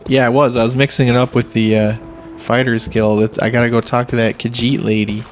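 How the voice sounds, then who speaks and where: A man's voice: medium pitch, little pitch movement, fairly quick, a little hiss or hum. A man casually rambling to himself as he plays a video game and records his commentary. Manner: rambling, self-talk while playing. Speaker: let's play host.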